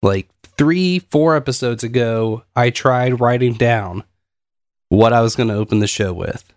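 A man's voice: mid-range voice, unhurried, dry recording, studio quality. A man hosting a podcast in casual, self-deprecating chat, often laughing. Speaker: podcast host.

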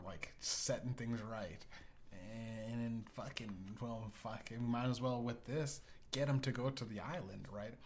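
A man hosting a podcast, spinning a loose, profane story with many restarts and tag questions. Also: mid-range voice. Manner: profane, stammering, full of restarts and "right?". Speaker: podcast host. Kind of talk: rambling casual podcast monologue.

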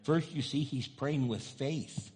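A man in his fifties preaching a sermon as pastor. His delivery is impassioned, and his voice rises to loud, high cries. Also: slow pace. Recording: long hall reverb.

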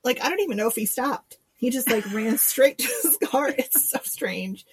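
A woman's voice: fairly high pitch, expressive, normal speed, slight background noise. A woman co-hosting a podcast, chatting casually and sarcastically, laughing and quoting people in mock voices. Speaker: podcast co-host. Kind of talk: casual chat.

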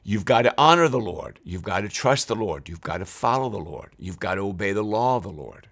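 A man's voice: lowish voice, animated, brisk, a bit bright. Earnest man teaching a Bible lesson. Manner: earnest, repeats key phrases for emphasis; dramatizes quoted scripture with rising intensity. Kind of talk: weekly Bible study lesson.

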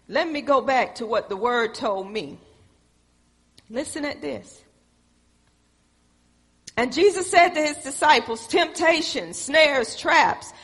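A woman's voice: sits high, pushed and bright, husky. A woman preaching a sermon, folksy and calling on the congregation for responses. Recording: echoey hall with long reverb.

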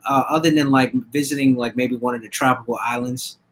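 A man's voice: mid-range voice, fairly even intonation, brisk, fairly bright tone. A man co-hosting a podcast in casual chat, rambling with many fillers and restarts. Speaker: podcast co-host.

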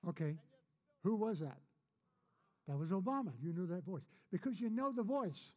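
A man's voice: high voice, big pitch swings, normal speed, darkish tone, lo-fi sound. A man preaching a sermon as pastor, folksy, with repeated rhetorical questions.

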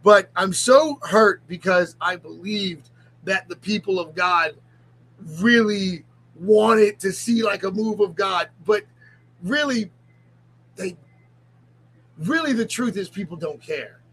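A middle-aged man talking in an emotional confessional vlog, close to tears, halting and often restarting his sentences. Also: sits high, a bit bright, breathy edge, poor audio. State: on the verge of tears. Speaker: ministry leader and vlogger.

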